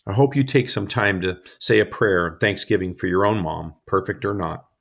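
A man in his thirties preaches with a low voice and a gravelly edge. His delivery is earnest and personal, moving from storytelling into scripture. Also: moderate pace, fairly bright tone. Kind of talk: sermon.

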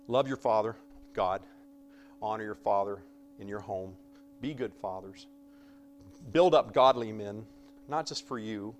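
This preacher's voice sits on the low side, with a little hiss or hum in the recording. His sermon feels like conversation, shifting from booming emphasis to quiet asides as he humorously acts out the voices he quotes.

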